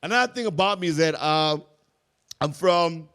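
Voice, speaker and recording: A young man, doing animated stand-up storytelling and acting out voices. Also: on the high side, normal speed, smooth. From South Africa. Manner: animated, acts out voices, laughs through lines. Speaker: stand-up comedian. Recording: noisy live room.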